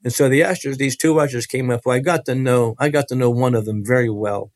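A man telling a personal story as an interview guest, animated and emphatic, often repeating phrases. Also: medium pitch, quick pace, no room sound.

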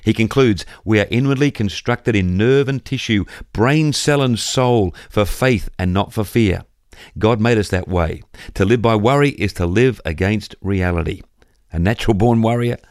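A man giving an earnest, calm devotional talk on radio. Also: on the low side, moderate pace, no echo, studio quality. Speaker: radio presenter.

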